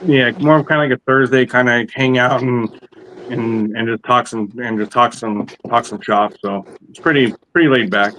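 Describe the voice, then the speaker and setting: A man's voice: medium pitch, fairly even intonation, normal speed, fairly bright tone, slight background noise, poor audio. A man hosting a casual live chat, rambling and repeating himself as he talks shop. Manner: rambling with many repeats and restarts. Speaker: host.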